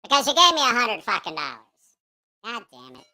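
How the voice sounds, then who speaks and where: A man's voice: very high-pitched, sing-song, fairly quick, pushed and bright, voice pushed up, heavily acted. A man voicing a grumpy, foul-mouthed childlike puppet character while chatting on a livestream, grumbling and swearing. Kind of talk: livestream chat in a put-on voice.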